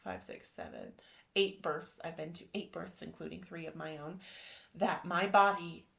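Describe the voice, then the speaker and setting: A woman in her thirties, hosting a podcast and telling a personal story in an animated, emotional way. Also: fairly low pitch, normal speed, gravelly. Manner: emotional, animated retelling with acted quotes. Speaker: podcast host.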